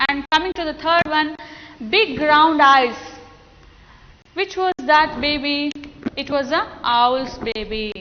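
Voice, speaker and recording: A woman teacher with an Indian English accent, slowly explaining a lesson to children and coaxing the class with questions. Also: high voice, slight background noise. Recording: dull lo-fi sound with long echo.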